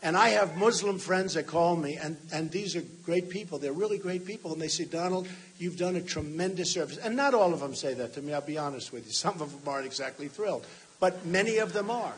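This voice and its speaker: This man's fairly high, slightly rough voice is animated and quick. In his sixties and running for office, he gives an off-the-cuff speech at a campaign rally in a large hall, pressing his points repetitively and often turning straight to the crowd.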